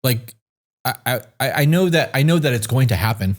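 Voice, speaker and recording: A man's voice: mid-range voice, animated, brisk. Rambling, profane man co-host. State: short on sleep. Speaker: podcast co-host. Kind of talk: casual chat.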